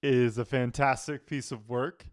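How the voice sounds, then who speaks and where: Excited man breaking down beats. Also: mid-range voice, moderate pace, clear, resonant tone, dry recording, clean studio sound. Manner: enthusiastic, analytical, with frequent "like" fillers. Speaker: music producer reacting to an album. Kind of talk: casual reaction commentary.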